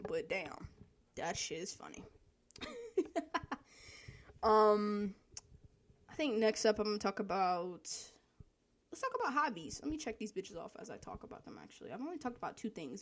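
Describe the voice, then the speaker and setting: A young woman telling a profane work story to her vlog audience, laughing often. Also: mid-range voice. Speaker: vlogger. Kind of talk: casual storytelling rant. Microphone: solo recording.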